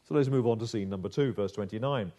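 A man preaching a sermon in a dramatic, measured way, slowing down to stress key phrases. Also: lowish voice, warm tone, dull audio. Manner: dramatic, measured delivery with slowed emphasis.

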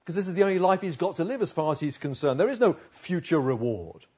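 A man's voice: a little high, sing-song, fast, darkish tone, husky, muffled recording. A man preaching a sermon, reading scripture verses aloud and then explaining them in a conversational way.

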